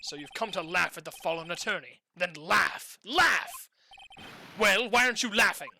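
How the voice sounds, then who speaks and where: A woman's voice: deep voice, quick pace, sharp tone, a little hiss or hum. A woman voicing a proud, bitter young male prosecutor with a scornful, commanding manner.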